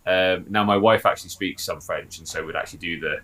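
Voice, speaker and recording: A man co-hosting a podcast, telling stories in a playful, animated way. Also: low-pitched, fast. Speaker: podcast co-host. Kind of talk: casual chat.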